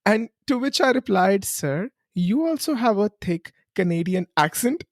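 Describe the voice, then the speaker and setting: A male podcast host talking in an earnest, encouraging, measured way in a casual interview. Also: sits high, animated, dry recording, studio quality. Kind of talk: casual interview chat and read podcast promo.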